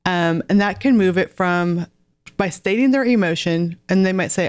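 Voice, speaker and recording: A woman's voice: on the low side, normal speed, smooth, no room sound. A woman in her forties, a guest author and homeschool mom, chatting earnestly in a podcast interview with light laughs.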